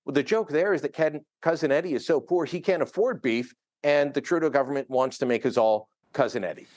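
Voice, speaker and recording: A man's voice: a little high, fairly quick, darkish tone, dry recording. A man giving opinionated, chuckling political commentary as a guest columnist over a remote link. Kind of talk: news interview commentary. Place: remote studio in another city.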